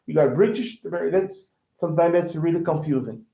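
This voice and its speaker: A man's voice: a little high, normal speed, creaky. Man teaching over a tinny call. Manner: explains with many restarts and checks for understanding. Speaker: English teacher. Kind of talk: online English lesson. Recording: echoey tinny online call.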